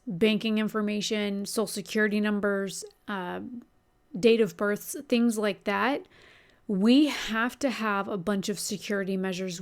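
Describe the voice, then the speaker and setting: A woman who works as a customer service agent, chatting candidly in a storytelling vlog and swearing now and then. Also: medium pitch.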